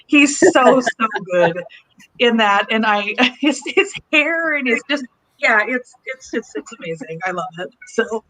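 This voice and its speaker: Rambly excited woman on a fan podcast, bright punchy voice. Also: a little high, unhurried, poor audio. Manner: gushing, rambling. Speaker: podcast panelist. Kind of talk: casual fan discussion.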